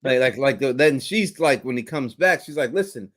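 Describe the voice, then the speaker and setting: A man co-hosting a casual TV recap chat, lively and profane, reenacting scenes with big pitch swings. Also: moderate pace. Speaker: podcast co-host.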